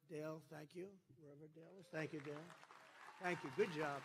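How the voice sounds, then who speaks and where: A man giving a campaign rally speech, repetitive and emphatic, swinging between loud declarations and quiet asides. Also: fairly high pitch, fairly even intonation, brisk, breathy edge, some chatter behind. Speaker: political candidate.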